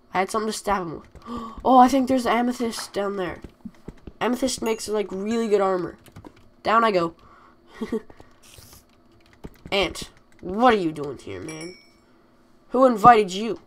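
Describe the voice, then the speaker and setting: Slow-talking woman chatting over a game. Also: mid-range voice, a little hiss or hum. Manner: chatty, scolds the game and mobs, excitable outbursts. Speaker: gamer. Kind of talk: let's play commentary.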